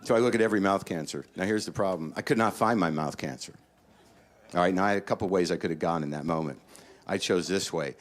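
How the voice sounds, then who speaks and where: A man's voice: sits low, lively intonation, fast. A middle-aged man doing stand-up, telling a story in a neurotic, profane rant and jumping up into panicked quoted lines. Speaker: stand-up comedian.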